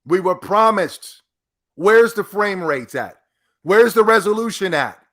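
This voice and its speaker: A young man hosting a gaming podcast, ranting in a mocking, giggly, excitable way. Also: high voice, measured pace. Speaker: podcast host. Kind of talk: casual gaming podcast rant.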